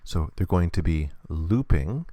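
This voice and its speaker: A man's voice: low voice, expressive, unhurried, mellow, dry recording, studio quality. A man teaching a hands-on lesson, explaining patiently step by step. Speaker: instructor.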